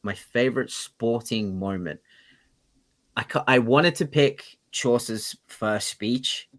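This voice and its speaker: A man's voice: medium pitch, slow. A man with a London accent, co-hosting a casual podcast chat and enthusiastically gushing about a favorite film. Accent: London English. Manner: enthusiastic, gushing, quotes film lines in character. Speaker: podcast co-host.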